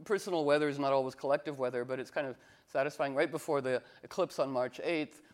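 A man teaching astrology in a casual talk, rambling with many fillers and restarts, acting out quoted voices with sudden jumps in pitch. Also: fast.

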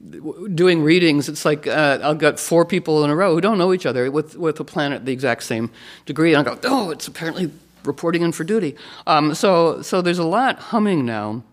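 A man giving an astrology talk to an audience, rambling with many restarts and fillers, his voice jumping up for emphasis. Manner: animated, jumps up in pitch for emphasis.

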